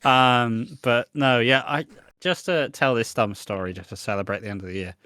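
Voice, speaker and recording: A British man co-hosting a podcast, telling stories in a sweary, animated, casual way. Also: medium pitch, normal speed, smooth, no echo, clean studio sound. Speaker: podcast co-host. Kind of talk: casual chat.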